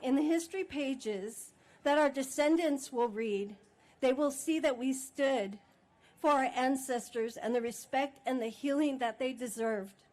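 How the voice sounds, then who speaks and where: A woman's voice: sits high, a little slow, a little mellow. A tribal chairwoman giving an emotional ceremony speech outdoors at a podium microphone, partly reading and partly speaking off script with candid, laughing asides. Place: outdoor monument ceremony in a park.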